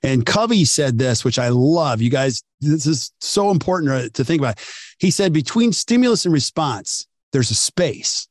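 Lively man hosting, bone-dry sound. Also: fairly high pitch, normal speed, no echo. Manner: animated storyteller, acts out quotes. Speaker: podcast host. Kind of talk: conversational podcast interview.

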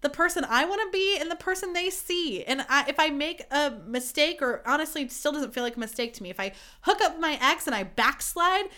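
A woman's voice: high-pitched, animated, a little fast, few pauses, bright, forceful tone. A young woman hosting her own podcast, chatting candidly and swearing freely in a self-mocking way. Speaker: podcast host. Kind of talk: casual solo podcast chat.

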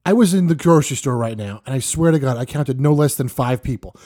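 A man hosting a podcast, yelling a profane, exasperated rant. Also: medium pitch, fairly quick, hardly any pauses. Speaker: podcast host. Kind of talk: ranting monologue.

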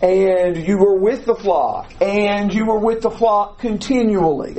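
A man teaching a classroom Bible lesson, explaining deliberately and putting questions to the class. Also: sits high, a little mellow, rough recording.

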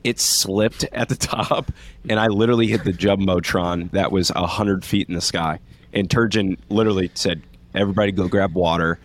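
A man's voice: low-pitched, moderate pace. A man co-hosting a podcast, a former walk-on player telling profane, laughing stories in casual chat. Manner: laughing, profane, animated storytelling.

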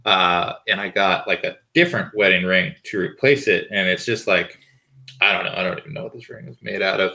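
This man's low, bright, forceful voice has vocal fry and fairly even intonation, and he talks briskly. In his thirties, he hosts a podcast from home with dogs barking close by, rambling through casual stories full of fillers and swearing.

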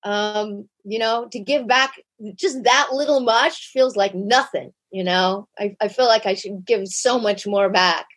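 A woman guest in an interview, telling a personal story candidly and animatedly, acting out quoted lines. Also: unhurried. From United States. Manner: animated, shifts pitch sharply when acting out quotes. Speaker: podcast guest.

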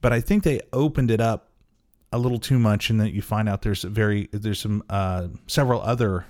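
A man's voice: fairly low pitch, fairly quick, darkish tone. A man co-hosting a podcast in casual chat, rambling and hesitant with many restarts, laughing easily. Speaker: podcast co-host.

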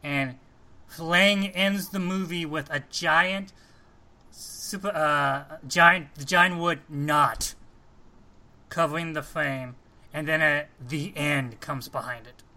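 A man co-hosting a casual talk show about films, animated and often restarting his sentences. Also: on the high side, takes it slowly. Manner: animated, restarts often, acts out quoted lines. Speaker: podcast co-host. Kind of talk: casual film discussion.

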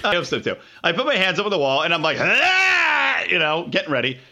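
A man chatting on a casual podcast. His voice is high and bright, and he ranges widely in pitch as he acts out his own crude stories. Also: rapid-fire. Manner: animated, profane storyteller who acts out his own lines. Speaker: podcast co-host.

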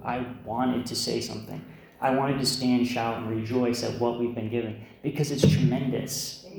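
Young male preacher, heartfelt and halting, gravelly tone, roomy echo. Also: medium pitch, a little mellow, a little hiss or hum. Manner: earnest and heartfelt, with many ums and restarts. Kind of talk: first-time sermon. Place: church sanctuary. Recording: echoey church room with faint ambience.

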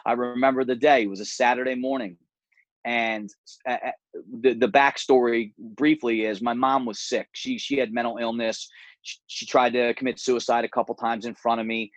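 A man in his forties, a martial arts gym owner, telling his story candidly as an interview guest, earnest and quick, often repeating words. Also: mid-range voice, steady tone, no room sound.

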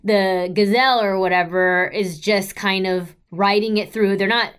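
A woman co-hosts a podcast and thinks aloud in a loose, chatty way. She reflects as she goes and leans on fillers like "you know." Her voice stays in a middle pitch. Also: steady tone, a little slow, smooth. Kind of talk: casual podcast chat.

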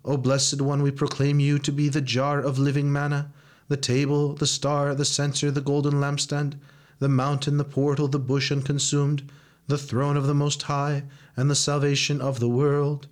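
A man chanting liturgical prayers in a solemn, steady recitation. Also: on the high side, normal speed. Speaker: reader of prayers.

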